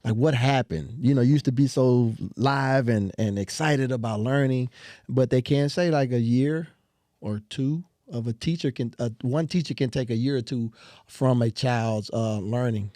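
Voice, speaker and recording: A young man as an interview guest, telling his story earnestly with many pauses and restarts. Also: medium pitch, dark tone, no echo, studio quality. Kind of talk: casual interview talk.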